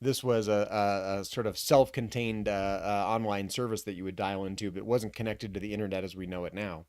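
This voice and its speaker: A man in his forties streaming casually from his computer, rambling with fillers and frequent throat clearing, slightly hiccupy. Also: fairly low pitch, fairly even intonation, a little fast, darkish tone, no echo, clean studio sound. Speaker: live streamer. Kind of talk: casual live stream commentary.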